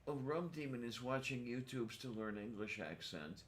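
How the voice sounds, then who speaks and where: Easygoing male co-host, mid-pitched, short relaxed replies. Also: normal speed. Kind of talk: casual chat.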